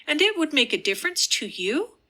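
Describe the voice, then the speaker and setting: A woman voicing an earnest, wistful young noblewoman, speaking high and pleading in a gentle voice. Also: big pitch swings, a little fast, heavily acted.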